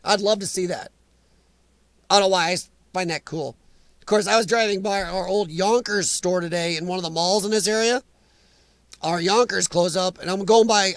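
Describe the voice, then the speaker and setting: A middle-aged man chats casually as a livestream host. His voice sits high for a man and is recorded dry and close. He jokes, teases and answers commenters in a loose, rambling way. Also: no echo. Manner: joking, teasing, talks back to chat comments. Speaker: livestream host reading chat. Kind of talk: casual live chat.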